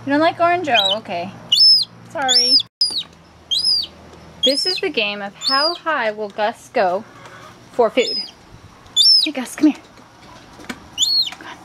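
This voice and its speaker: A woman's voice: high-pitched, expressive, slow pace, pauses often. Sing-song woman baby-talking a pet. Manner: coaxing, sing-song, cheering on. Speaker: pet owner filming her seagull chick. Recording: loud background noise and bird chirps.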